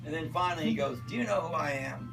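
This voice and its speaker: An older man telling a rambling personal anecdote, acting out voices and breaking into shouts. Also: a little high, fast talker. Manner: animated, acts out voices and shouts in his stories. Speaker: storyteller. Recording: distant mic with loud music behind.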